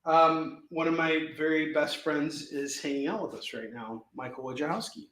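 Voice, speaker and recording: A man in his forties hosts a live comic sales stream, full of jokes, goofy asides and bursts of laughter. His voice is bright and forceful, sitting a bit high for a man, and it rings in an echoey room. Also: normal speed. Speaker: live shopping show host selling comics.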